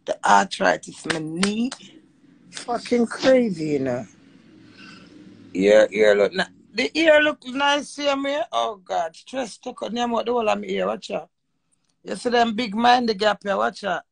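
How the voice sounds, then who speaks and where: Gravelly Jamaican woman, rambling crudely. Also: mid-range voice, lively intonation, measured pace. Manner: rambling, crude and joking, mixes patois with English. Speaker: live-stream host. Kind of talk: casual live-stream chat. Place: home in England.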